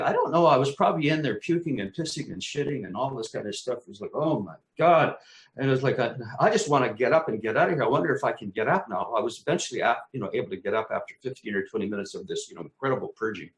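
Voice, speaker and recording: A talk show co-host casually tells a vivid personal story, acting out his own exclamations and swearing freely. His voice is mid-range with a fairly bright tone, and the room is echoey.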